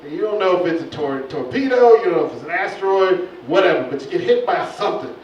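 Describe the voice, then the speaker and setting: Brief: male stand-up comic, fairly high voice, recorded from afar in a roomy club, lo-fi, with laughter and noise behind. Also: fast talker. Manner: animated, voice jumping high for punchlines. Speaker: stand-up comedian. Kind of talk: stand-up comedy set. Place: comedy club stage. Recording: echoey club, far-off lo-fi recording.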